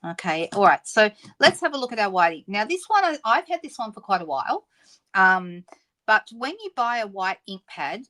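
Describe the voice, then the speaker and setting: A middle-aged woman from Australia hosting a live papercraft demonstration, chatting and greeting viewers by name between explanations. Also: mid-range voice. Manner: warm, laughing asides. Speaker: papercraft host. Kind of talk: live-stream craft demonstration.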